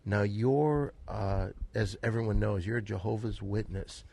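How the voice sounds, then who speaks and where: Husky man steering a podcast. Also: lowish voice, unhurried, dry recording. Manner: bossy, steers the talk, shouts to cut others off. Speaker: podcast co-host. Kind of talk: casual comedic banter.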